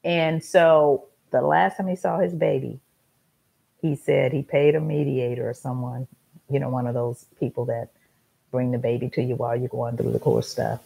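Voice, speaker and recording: A woman's voice: very deep voice, little pitch movement, moderate pace, vocal fry, dark tone, slightly rough, rough recording. A middle-aged woman hosting a talk show, telling a story in an emphatic, repetitive monologue.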